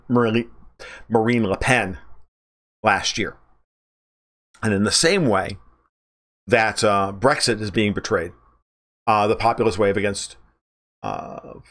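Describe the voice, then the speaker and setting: Low-voiced man ranting about politics. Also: a bit bright. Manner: rambling, blunt, profane, with many restarts. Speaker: podcast host. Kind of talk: political commentary monologue.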